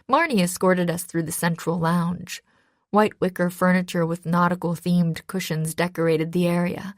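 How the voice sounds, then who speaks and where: A woman's voice: fairly low pitch, no echo, clean studio sound. A woman narrating a first-person audiobook, lifting her voice for the characters. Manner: gives characters slightly raised voices.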